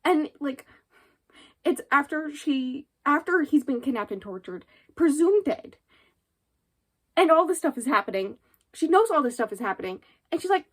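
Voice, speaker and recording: A woman with a notably high voice gives a casual book review vlog. She retells the story in a loose, rambling flow, animated and full of fillers. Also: moderate pace, pauses often.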